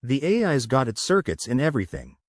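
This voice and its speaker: A man voicing a gruff, quiet rebel. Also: medium pitch, wildly swooping pitch, brisk, no echo, studio quality.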